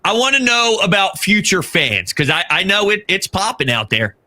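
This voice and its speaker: Man, Philly accent, sports podcast host, high voice, very bright tone, hyped and emphatic. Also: very animated, normal speed. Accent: Philadelphia. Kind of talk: excited sports talk.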